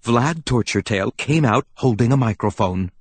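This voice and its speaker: A man narrating a children's storybook in the first person with an expressive reading. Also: mid-range voice, moderate pace, slightly rough.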